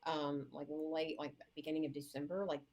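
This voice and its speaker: A woman mayor being interviewed, telling a story in a lively, animated way with frequent laughter. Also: low-pitched, moderate pace. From Indiana. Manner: animated storyteller, acts out voices in shrieks and laughter. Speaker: mayor, guest.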